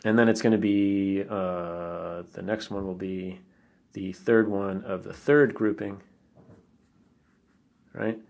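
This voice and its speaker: A man teaching drums, explaining patiently step by step and counting beats out loud. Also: low voice, fairly even intonation, takes it slowly, vocal fry, long pauses. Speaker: drum teacher. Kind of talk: instructional explanation.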